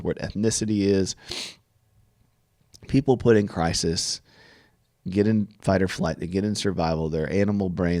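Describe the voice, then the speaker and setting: Deep-voiced man, earnest storyteller, halting restarts, dry close mic. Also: dark tone, no room sound. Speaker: podcast guest telling his story. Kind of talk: personal storytelling monologue.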